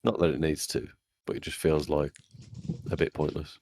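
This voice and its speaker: A man's voice: a bass voice, little pitch movement, normal speed, gravelly, darkish tone. A man co-hosting a podcast, chatting in a laid-back way with casual swearing. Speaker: podcast co-host. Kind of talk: casual chat.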